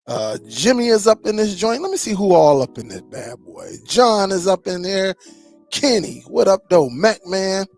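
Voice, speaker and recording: Gravelly laid-back man. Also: sits high, very animated, moderate pace, darkish tone, faint music behind. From Michigan. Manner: laid-back, greets viewers by name, slangy. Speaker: streaming channel host. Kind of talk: casual live-stream chat.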